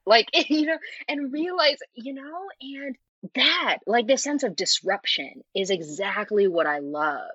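A woman guest in a casual chat, talking in an animated way with frequent laughs and filler words. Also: a little high, a little slow, slightly rough, dry recording. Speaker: interview guest, fanfiction writer. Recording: muffled lo-fi audio.

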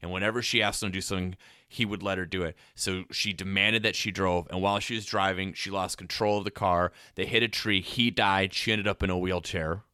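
Podcast guy with a deepish bright voice, laughs a lot, really dry mic. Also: fairly quick, clear, resonant tone, dry recording. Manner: animated storyteller, laughs often. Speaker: podcast co-host. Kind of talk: casual chat, retelling an episode.

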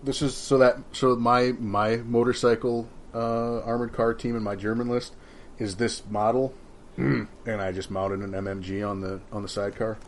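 A man's voice: mid-range voice, flat delivery, moderate pace, a little hiss or hum. A man co-hosting a casual tabletop wargame chat, reading unit rules aloud with jokes and swearing. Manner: jokey, swears, stumbles over foreign words. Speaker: podcast co-host.

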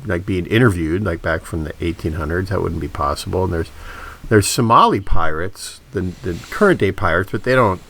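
A man's voice: deep voice, animated, normal speed, a bit bright. A man co-hosting a podcast, telling stories in a hesitant, self-deprecating way with many restarts. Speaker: podcast co-host. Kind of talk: casual chat.

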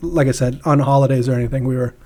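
A man's voice: medium pitch, fairly even intonation, fast talker, dark tone. A man co-hosting a casual podcast, rambling through market talk with many fillers, restarts and frequent laughs. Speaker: podcast co-host. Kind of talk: casual crypto market chat.

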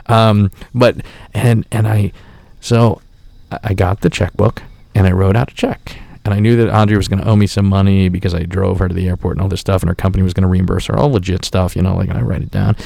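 A man with a low, gravelly voice tells a rambling personal story on his podcast. He swears freely and jumps into the voices of the people he quotes. The sound is close and dry, with no room around it. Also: quick pace, no echo. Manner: profane, animated, acts out quotes. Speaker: podcast host. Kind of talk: casual storytelling.

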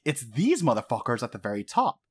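A man's voice: mid-range voice, fairly quick, breathy edge. A young man hosting a casual recap chat who swears freely, laughs often, and gets fired up about the story. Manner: animated, profane, laughs often.

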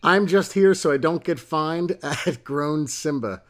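A man's voice: a little high, unhurried. Chatty man reading listener questions. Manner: chatty, reads listener questions aloud, laughs often. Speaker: podcast co-host. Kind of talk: casual sports talk.

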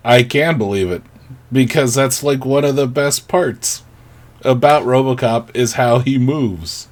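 A man co-hosting a podcast in casual chat, joking and wry, often trailing off into quick asides. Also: medium pitch, a little mellow. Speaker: podcast co-host.

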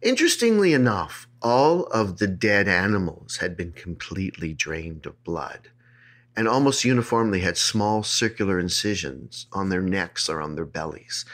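A man's voice: low voice, sing-song, normal speed, fairly bright tone. A man hosting a podcast, telling a creepy legend in a playful, joking way. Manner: playful, jokey, puts on silly voices. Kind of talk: casual storytelling chat.

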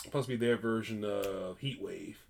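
A man's voice: lowish voice, normal speed, vocal fry. A man in casual chat reviewing a show, joking and laughing as he talks. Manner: joking, laughs often, acts out quotes.

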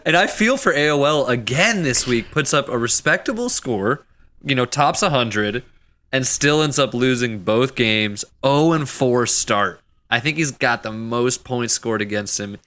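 A man's voice: mid-range voice, expressive, a little slow, bright, forceful tone. A man co-hosting a casual podcast, blunt and emphatic. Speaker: podcast co-host.

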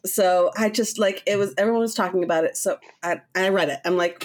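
A woman co-hosting a casual podcast chat, joking and giggling in a relaxed way. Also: mid-range voice, fast talker. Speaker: podcast co-host.

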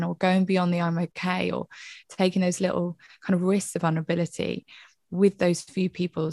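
A woman's voice: fairly low pitch, a little mellow, no room sound, studio quality. A woman, a therapist and mother, talking candidly and earnestly in a reflective podcast conversation, often saying "you know".

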